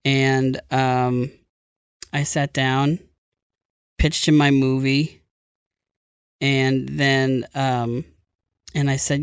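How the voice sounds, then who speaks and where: Smooth-voiced man on a chat podcast. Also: mid-range voice, little pitch movement, no room sound, clean studio sound. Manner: quick questions, anecdotal storyteller. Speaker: podcast co-host. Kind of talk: casual chat.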